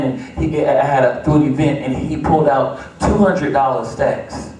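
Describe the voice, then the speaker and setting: A man's voice: on the high side, fairly even intonation, normal speed, hardly any pauses, mellow. A man preaching a sermon as pastor, building to emphatic repeated refrains in a church sanctuary. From United States. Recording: echoey church, distant mic.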